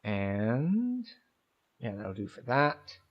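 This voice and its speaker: Game streamer, male, mid-pitched, easygoing running commentary that explains each move. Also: huge pitch swings, drawn-out words, highs cut off. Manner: thinks aloud, explains game mechanics at an easy pace. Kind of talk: casual gameplay commentary.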